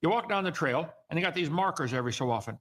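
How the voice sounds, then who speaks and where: Hosting an argumentative call-in show, this man lectures in a mocking, emphatic style. His voice sits on the high side, fast and expressive with a fairly bright tone.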